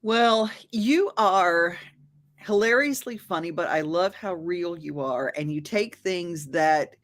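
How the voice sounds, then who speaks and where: A woman's voice: lowish voice, expressive, slow. Enthusiastic woman hosting a live interview. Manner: enthusiastic, laughs often. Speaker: talk show host.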